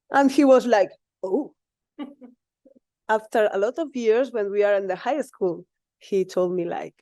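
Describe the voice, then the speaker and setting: A woman from Spain with a Spanish accent, giving an unprepared, emotional acceptance speech in halting English with laughs. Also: mid-range voice, dark tone, no echo. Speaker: award winner.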